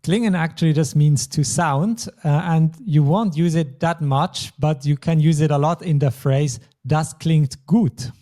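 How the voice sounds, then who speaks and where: A man's voice: fairly high pitch, moderate pace, few pauses, warm tone. A man teaching a language lesson, explaining patiently step by step. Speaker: German teacher.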